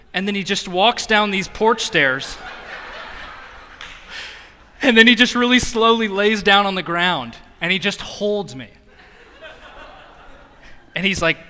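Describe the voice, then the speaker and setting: A young man preaching, telling a story in a lively, self-mocking way with bursts of laughter. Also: high voice. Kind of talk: sermon storytelling. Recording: long hall reverb.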